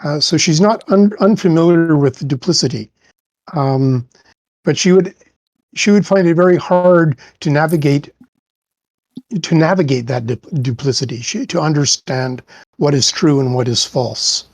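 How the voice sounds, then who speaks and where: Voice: mid-range voice, a little slow, darkish tone, no room sound. A tabletop player thoughtfully explaining their character, with many hesitations and fillers.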